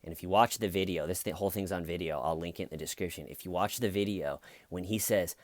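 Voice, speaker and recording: A man hosting comedic true crime commentary, an animated storyteller who acts out the quotes. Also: sits low, fast talker, dry recording. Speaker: channel host.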